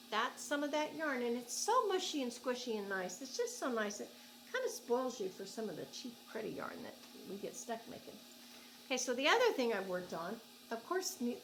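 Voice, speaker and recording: A woman's voice: a little high, creaky, a little hiss or hum, low-quality recording. A woman with an Oklahoma accent, chatting casually and gushing as she unboxes yarn at home for her crochet vlog. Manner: chatty, gushing, thinks aloud. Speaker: crochet vlogger.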